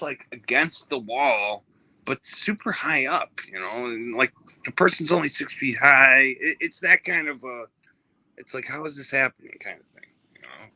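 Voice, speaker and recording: Male co-host, very bright tone, rambling and casual, trips over his words. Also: medium pitch, poor audio. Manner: rambling, stumbles and repeats words, swears casually. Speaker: podcast co-host. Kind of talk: casual chat.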